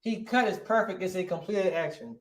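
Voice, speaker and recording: A man's voice: high-pitched, a little fast, reverberant. A male teacher giving a grammar lesson, asking his class questions and answering them himself, often checking with "right?".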